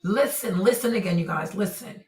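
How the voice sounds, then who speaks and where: A woman's voice: mid-range voice, normal speed, roomy sound, far from the mic. A woman hosting a live commentary stream, speaking emphatically and repeating herself for effect. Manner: emphatic, repetitive, exclaiming. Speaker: livestream commentator.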